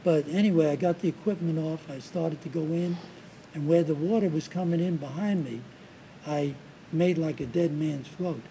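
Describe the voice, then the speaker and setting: An older veteran in his seventies tells his war story in an interview. He speaks haltingly and often repeats words as he restarts. His voice is raspy and gravelly, with a dark, mellow tone and a faint hiss behind it. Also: a little high, rough recording. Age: 70s. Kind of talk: recounting war memories in an interview.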